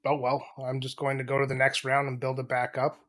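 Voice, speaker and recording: A man with a mid-pitched, everyday voice chats on a podcast. He talks bluntly and swears often, and he easily slips into exasperated rants. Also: completely flat delivery, fairly quick, fairly bright tone. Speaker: podcast co-host. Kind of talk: casual chat.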